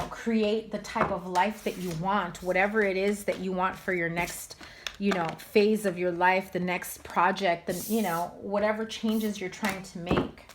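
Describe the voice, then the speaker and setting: A woman giving a casual tarot reading to her viewers, chatty and animated, cursing now and then. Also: mid-range voice, slight background noise. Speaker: tarot reader.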